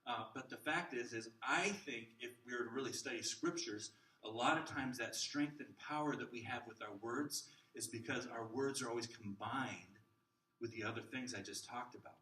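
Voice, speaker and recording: A middle-aged man teaching a workshop on talking with children, lively and joking, acting out examples in different voices. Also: medium pitch, normal speed, a little hiss or hum. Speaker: children's ministry trainer. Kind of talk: teaching a workshop to a live group. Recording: roomy hall sound from a distant mic.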